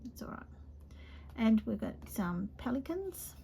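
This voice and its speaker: A woman demonstrating card making in a chatty way, often dropping to a soft half-whisper as she works. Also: fairly high pitch, sing-song, unhurried, creaky, a little hiss or hum. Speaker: papercraft demonstrator. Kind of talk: chatty craft tutorial.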